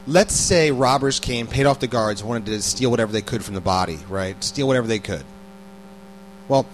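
A man preaches in an easy, conversational way, often stumbling over repeated words as he goes. He keeps turning questions back to his listeners. His voice sits at an ordinary middle pitch, with soft music playing faintly behind him. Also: poor audio. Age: adult parent. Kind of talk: casual sermon.

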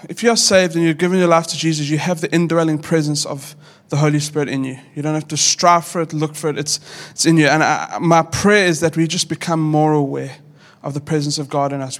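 High-voiced man preaching earnestly. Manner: earnest, conversational preaching with frequent restarts. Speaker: pastor. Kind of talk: sermon.

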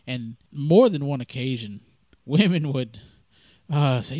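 A man's voice: fairly high pitch, moderate pace, a little mellow, no echo, clean studio sound. A man from the American South with a Southern accent, hosting a podcast in a rambling, folksy storytelling style full of fillers. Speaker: podcast host. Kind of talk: casual storytelling monologue.

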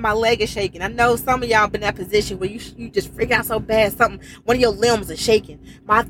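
Woman truck driver, testimony vlog, emphatic and animated, noisy background with vehicles. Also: fairly high pitch, a little fast. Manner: animated, emphatic storytelling with exclamations and prayer. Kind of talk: casual spoken testimony.

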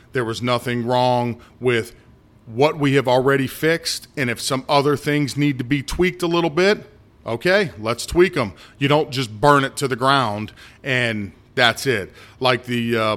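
A middle-aged American man hosts a casual solo podcast in a medium-pitched, bright, forceful voice. He rants bluntly, with many asides and restarts.

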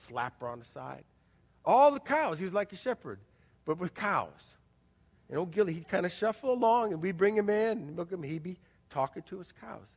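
A male pastor preaching a sermon with folksy storytelling and rhetorical questions to the congregation, acting out quoted voices and swinging between quiet and loud. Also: sits high, big-room sound. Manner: acts out quoted voices with big swings in loudness. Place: church.

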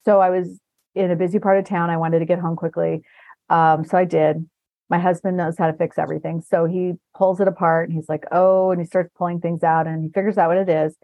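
A woman's voice: on the low side, flat delivery, fairly quick, warm tone, no room sound. A woman podcast host telling rambling anecdotes in a casual chat, often laughing as she talks. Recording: dull dry lo-fi recording.

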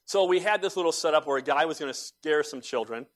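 A middle-aged male pastor preaching a sermon, emphatic and repetitive, swinging between loud exhortation and hushed asides. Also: a little high, lively intonation, fast talker.

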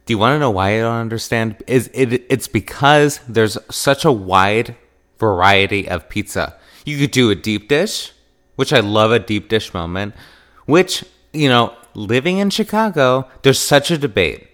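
Animated man ranting on a podcast. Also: mid-range voice, moderate pace. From Wisconsin. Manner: animated and emphatic, acts out quoted exchanges. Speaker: podcast host. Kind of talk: casual monologue.

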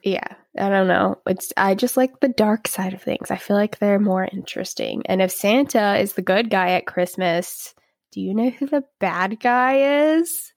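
A woman's voice: medium pitch, moderate pace, creaky, no echo, studio quality. A young woman with a Southern American accent, co-hosting a casual podcast chat and laughing easily. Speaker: podcast co-host.

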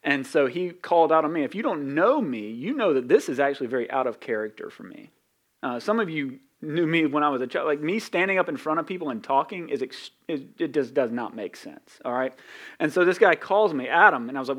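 A man's voice: mid-range voice, animated, fairly bright tone. A middle-aged man with a Southern accent, a pastor giving a sermon in a conversational, self-deprecating way. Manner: conversational, self-deprecating, with quick acted asides.

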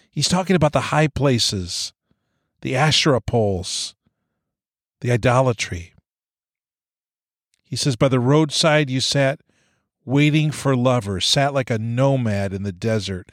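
A man's voice: mid-range voice, expressive, unhurried, pauses often, no room sound, clean studio sound. A man speaking as a pastor in an earnest, searching sermon, reading scripture aloud with rising emphasis.

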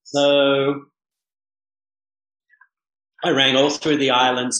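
A middle-aged man from Mauritius, a podcast guest telling anecdotes in a casual, animated way and acting out the dialogue. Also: medium pitch, normal speed. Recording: roomy echo.

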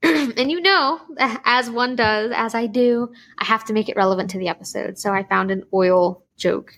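Bright chatty woman podcast host, giggles a lot, casual. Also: a little high, moderate pace. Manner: chatty, giggly, animated storyteller.

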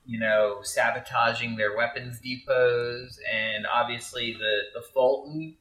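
A man's voice: mid-range voice, fairly even intonation, a little slow, pushed and bright, low-quality recording. Rambling man in casual podcast chat. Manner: rambling, many "like" and "uh" fillers. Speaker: podcast co-host. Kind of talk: casual chat about a video game.

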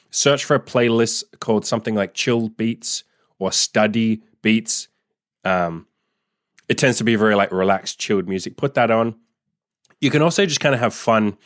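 A man's voice: fairly low pitch, dry recording, clean studio sound. Blunt, profane man giving casual advice. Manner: blunt, profane, laid-back. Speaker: dating and sex coach.

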